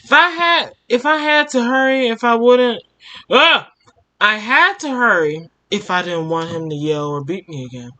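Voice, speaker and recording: A man's voice: extremely high pitch, expressive, normal speed, pushed and bright. A young man reading a fan fiction story aloud for his channel, emotional, often stopping to comment and sigh. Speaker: storytime YouTuber.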